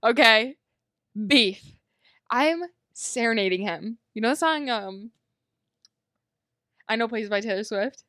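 A woman's voice: fairly high pitch, lively intonation, takes it slowly, pauses often, fairly bright tone, no room sound, studio quality. A young woman co-hosting a podcast, chatting casually and telling stories dramatically with lots of "like". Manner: bubbly, dramatic storytelling with lots of "like". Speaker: podcast co-host. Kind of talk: casual chat.

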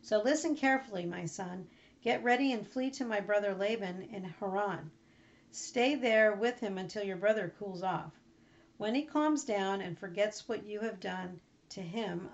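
A woman's voice: mid-range voice, normal speed, lightly acted. A woman reading as an urgent scheming mother. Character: urgent scheming mother warning her son. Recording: dull lo-fi recording.

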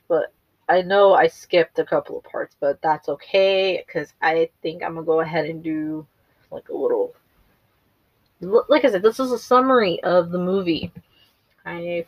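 A woman's voice: fairly low pitch, no echo, highs cut off. A woman podcast host rambling through a casual movie recap, swearing, laughing nervously and apologizing as she goes.

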